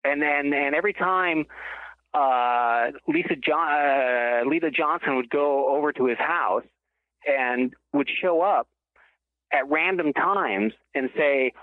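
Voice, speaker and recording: A man's voice: on the high side, takes it slowly, no echo. A man, a guest author on an interview show, tells a long story and often stops to correct himself mid-sentence. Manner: rambling, self-correcting storyteller. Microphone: telephone. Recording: tinny dry phone line.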